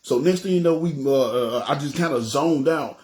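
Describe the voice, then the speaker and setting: A middle-aged man giving a casual testimony into his phone, animated and acting out the people in his story. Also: a little high, moderate pace.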